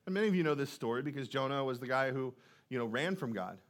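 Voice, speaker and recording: A man's voice: mid-range voice, animated, fast. A male pastor preaching a sermon in a church, in a conversational way, often putting questions to the congregation.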